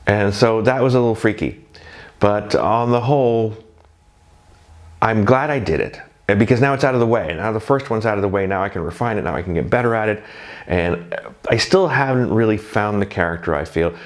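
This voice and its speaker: A man with a somewhat low voice talks in a loose, rambling monologue. He pokes fun at himself as he chats along. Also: a little fast. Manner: rambling, self-deprecating, chatty. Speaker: drag performer reflecting on first night.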